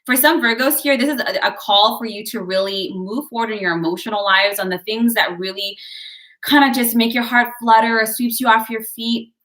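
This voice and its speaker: A woman's voice: on the high side, steady tone, a little fast, a bit bright. A woman giving a casual, chatty tarot and horoscope reading, encouraging her viewers and drifting into side stories. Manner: chatty, digressive, encouraging, addresses viewers as guys. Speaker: tarot and astrology reader.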